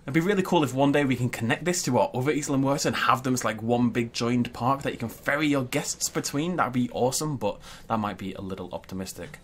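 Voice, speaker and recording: A man giving chatty, excitable gameplay commentary and thinking aloud as he plays. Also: mid-range voice, fast, few pauses, slight background noise. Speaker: gaming YouTuber.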